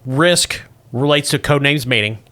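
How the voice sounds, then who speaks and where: A man's voice: medium pitch, normal speed, bright, forceful tone. A man playing a tabletop game, joking in casual banter. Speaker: player.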